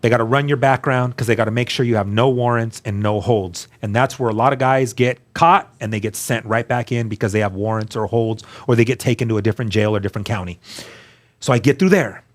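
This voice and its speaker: A man telling his story as a guest, earnest and animated, acting out the dialogue he quotes. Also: medium pitch, quick pace. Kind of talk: storytelling testimony.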